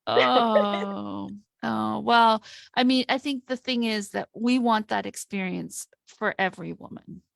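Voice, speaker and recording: A woman's voice: mid-range voice, gravelly, dry recording, clean studio sound. A woman hosting a conversation as a coach, talking in a heartfelt, reflective way. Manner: heartfelt, reflective, slow and thoughtful. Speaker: host and coach. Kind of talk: casual conversation.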